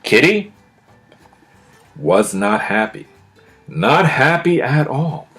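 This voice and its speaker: Animated man reading a picture book aloud. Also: slightly rough, faint music behind. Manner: animated storyteller with big pitch swings and drawn-out emphasis; chatty, explains words to young listeners. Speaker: children's author reading his own book.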